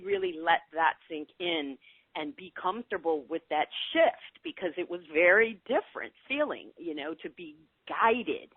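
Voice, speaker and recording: A middle-aged woman telling her spiritual story in a casual interview, animated and earnest. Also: dry recording. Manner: animated, earnest storytelling with lively pitch swings. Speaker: spiritual guide guest. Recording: tinny phone-like call audio, dry.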